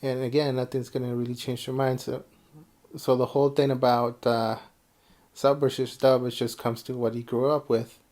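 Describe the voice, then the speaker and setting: A man's voice: medium pitch, level tone, moderate pace, a little mellow. A young man from the United States rambling casually about anime in his own vlog, with many fillers and restarts. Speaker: video creator.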